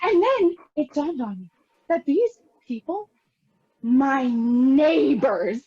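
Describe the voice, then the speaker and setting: A woman's voice: high voice, lively intonation, slow pace, exaggerated voice. A young woman acting a neurotic, self-pitying married woman in a rambling, anxious theatre monologue over a video call. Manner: rambling, anxious, bursting into near-tearful shouts. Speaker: actor in a scene study. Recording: dull lo-fi video call audio.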